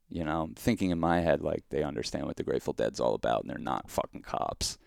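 A man's voice: extremely low pitch, expressive, fast, gravelly, few pauses, no room sound, clean studio sound. A man, a podcast co-host telling a rambling, profane story full of "like" and mock-outraged quotes. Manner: rambling, heavy use of "like". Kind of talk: casual storytelling.

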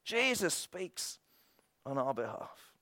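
A man's voice: on the high side, very animated, takes it slowly, pushed and bright, dry recording. A man preaching a sermon with an impassioned, repetitive cadence and frequent restarts.

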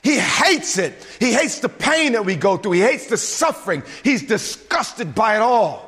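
A man preaching a sermon in an emphatic, animated way, with frequent asides and restarts. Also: high-pitched, normal speed, big-room sound. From suburbs.

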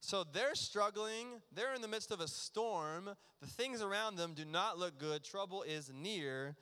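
Bright, resonant male preacher in a hall. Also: high voice, lively intonation, a little slow, smooth. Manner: earnest, emphatic, drops to a hush for asides. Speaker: pastor. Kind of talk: sermon. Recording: long reverb of a large hall.

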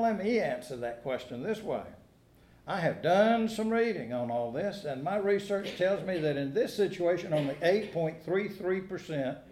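This man, preaching as pastor in a church sanctuary, tells stories with a dry sense of humor and poses rhetorical questions to his listeners. His pitch is fairly high, his tone darkish, and the space echoes.

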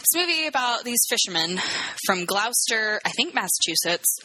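A young woman casually retelling a movie plot in an animated, chatty way, full of "like.". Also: on the high side, a little fast, rough recording.

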